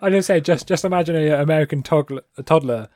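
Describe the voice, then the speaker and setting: British guy, 20s, higher-pitched co-host, giggly, keeps the chat moving, dry close mic. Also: quick pace, darkish tone, dry recording. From United Kingdom. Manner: chuckles often, steers topics. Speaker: podcast co-host. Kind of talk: casual chat.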